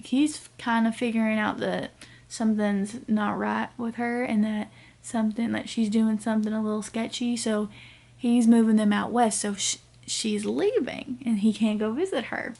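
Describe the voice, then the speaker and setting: A young woman chatting casually to camera about her reading, tired and sleepy late at night, often dropping to a hushed near-whisper so her family won't hear. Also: on the high side. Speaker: book vlogger. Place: home at night with family nearby.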